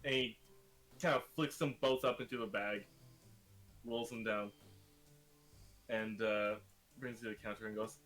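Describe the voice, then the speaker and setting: A man's voice: fairly low pitch, fairly even intonation, a little slow, long pauses, a bit bright, soft background music. A man narrating as game master of a tabletop game, describing scenes loosely with fillers.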